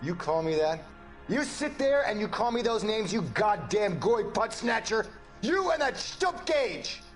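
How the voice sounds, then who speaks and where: Casting: bitter suspect, high, agitated voice. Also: male voice, big pitch swings, a little slow, soft background music, exaggerated voice. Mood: indignant. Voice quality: defensive, bitter. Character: cornered, indignant middle-aged male shopkeeper. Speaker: murder suspect under interrogation.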